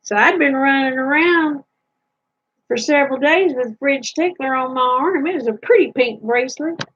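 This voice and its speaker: A woman's voice: sits high, moderate pace, a bit bright, muffled recording. A woman vlogger telling funny stories from her childhood in a folksy, chatty way. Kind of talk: casual storytelling.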